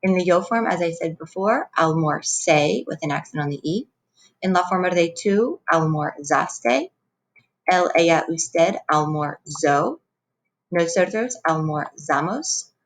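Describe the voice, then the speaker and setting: A woman teacher giving a recorded Spanish grammar lesson, explaining clearly and patiently and pronouncing Spanish verb forms. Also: lowish voice, expressive, a little slow, poor audio.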